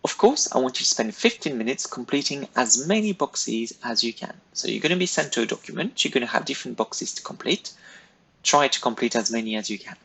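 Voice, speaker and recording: A male teacher with a slightly husky, breathy voice at a mid pitch talks pupils through a recorded lesson. He is patient and methodical, setting out each step in turn. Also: expressive, a little fast, fairly bright tone, poor audio. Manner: patient, step-by-step, clearly paced directions to pupils. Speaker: French teacher. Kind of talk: recorded classroom lesson instructions.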